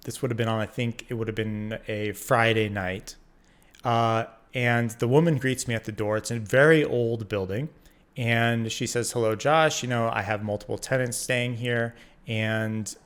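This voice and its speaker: A man from the United States in his thirties telling a personal story in a casual, animated way, acting out the quoted voices and using many fillers. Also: mid-range voice. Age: 30s. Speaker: vlogger.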